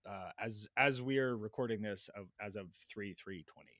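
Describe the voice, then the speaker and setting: A man's voice: on the low side, moderate pace, a bit bright, no room sound, studio quality. A man hosting a podcast in casual chat, upbeat and joking, laughing often. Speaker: podcast host.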